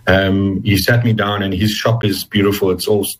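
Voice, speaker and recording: A middle-aged man with a very low, husky voice speaks in an interview. He talks earnestly and haltingly, often restarting his words, and sounds emotional and close to tears. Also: little pitch movement, low-quality recording. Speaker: interview guest. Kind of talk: personal testimony in an interview.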